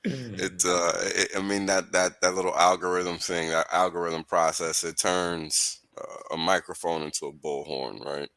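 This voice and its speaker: A man's voice: low-pitched, level tone, moderate pace, few pauses, sharp tone, no echo. A man on a crypto live stream, speaking emphatically and giving strong opinions. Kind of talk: casual chat.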